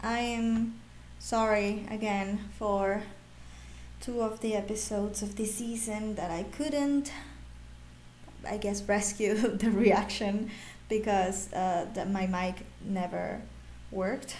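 A woman's voice: medium pitch, steady tone, slow, darkish tone, slight background noise. A woman hosting a reaction video, chatting casually, laughing often and exclaiming at what she watches. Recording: echoey room with music playing behind.

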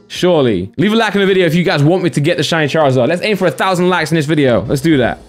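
A young man with a high, bright voice, rattling off excited commentary on opening card packs. He keeps the energy up, yells at big pulls, and has faint music playing behind him. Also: very fast, hardly any pauses. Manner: hyped, shouting with excitement at pulls. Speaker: host. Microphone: desk microphone with green screen.

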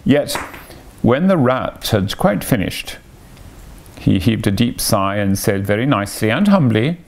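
A man reading a classic novel aloud with expressive, animated storytelling. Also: fairly low pitch, measured pace, gravelly. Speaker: reader.

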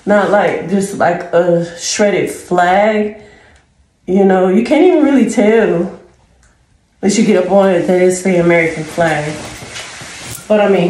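A woman's voice: on the low side, a little mellow. A woman, chatting casually and rambling a little as she tries on jackets for a video haul, giggling at her own asides. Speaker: vlogger. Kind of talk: casual try-on haul chat. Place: home room at dusk. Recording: echoey room with faint ambient noise.

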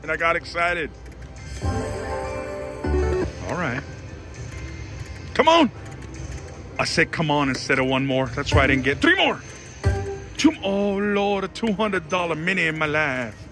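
A man giving excited live commentary as he plays slots in a casino, pleading with the machine and making dramatic exclamations. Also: a little high, unhurried, pauses often. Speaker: slot machine vlogger. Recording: loud casino slot machine music behind. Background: slot machine music.

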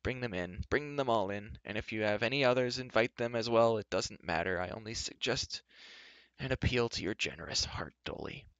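A man's voice: lowish voice, animated, normal speed, fairly bright tone, clean tone, dry recording. A man voicing a gloomy, put-upon old male recluse who sighs and grumbles wearily, in a dull, dry lo-fi recording. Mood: weary sulk. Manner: sighing, weary, sulky.

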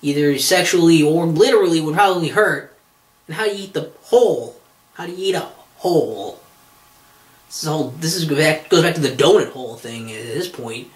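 Fairly quick and somewhat high-pitched, a man hosting a podcast runs through a rambling comic monologue. He's exasperated and profane, with many fillers and restarts, and the recording carries a roomy echo.

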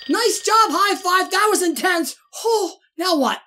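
A woman hosting a gaming video, excitedly talking to herself while she plays. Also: very high voice, takes it slowly. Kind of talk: let's play commentary. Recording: game music loud behind voice. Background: game music.

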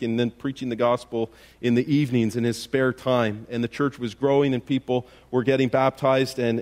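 A man's voice: mid-range voice, a little mellow. A man preaching in church as pastor, often restarting his sentences and building to emphatic rhetorical questions. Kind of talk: sermon.

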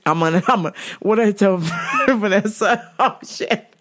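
A woman's voice: medium pitch, lively intonation, slow, pauses often, a bit bright. A woman hosting a podcast, talking in a casual monologue, profane and exasperated, often laughing. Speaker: podcast host.

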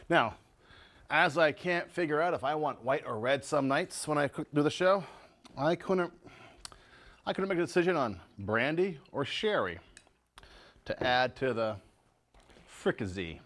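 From his kitchen, a man hosts a relaxed home cooking show, chatting with the folks at home while he cooks and tastes. His everyday middle-pitched voice is easygoing, moving at a moderate pace with long pauses.

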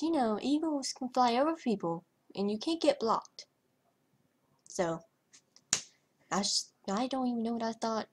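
A young woman vlogger talking over her gameplay in a hyper, rambling way, trailing off and stuttering as she goes. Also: mid-range voice. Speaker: gaming vlogger. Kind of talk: casual commentary over gameplay.

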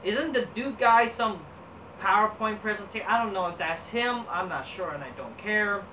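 A man's voice: high-pitched, moderate pace, bright, forceful tone, slight background noise. A man giving a casual, profane, rambling recap of a wrestling show. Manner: crude, profane and rambling, with frequent restarts. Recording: roomy echo, distant from the mic.

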